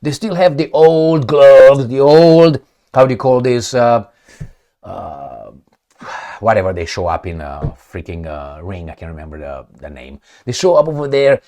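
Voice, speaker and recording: A man's voice: medium pitch, darkish tone. A middle-aged man from Romania with a Romanian accent, giving sarcastic, digressive commentary from home. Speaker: political commentator. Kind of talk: casual commentary vlog. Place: at home with his cat.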